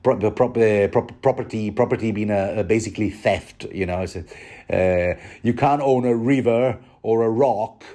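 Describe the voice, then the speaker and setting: A man talks through a book chapter in a loose, rambling way, cracking jokes as he goes. His voice is mellow and soft-edged, and he often trips over words and starts again. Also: lowish voice, moderate pace. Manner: chatty, joking, stumbling restarts. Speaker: book commentator. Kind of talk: rambling casual commentary.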